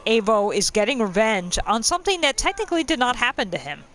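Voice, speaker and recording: A woman's voice: fairly high pitch, lively intonation, fast talker, a bit bright, slight background noise, low-quality recording. A woman hosting a let's-play, talking in a chatty, musing way and laughing often while she plays. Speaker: gaming channel host.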